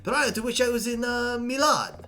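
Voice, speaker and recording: A woman's voice: fairly high pitch, moderate pace, bright, forceful tone, soft background music, voice pushed up. Woman putting on a pompous vain jet-setter man. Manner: obnoxious, affected vaguely French put-on accent. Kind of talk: voicing characters in a visual novel stream.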